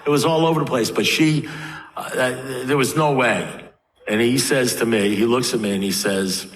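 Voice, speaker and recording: An older American man with a mid-range voice tells his personal story at a recovery meeting, speaking at a moderate pace with wry, self-mocking humor. The recording is from an echoey meeting hall with faint noise in the background.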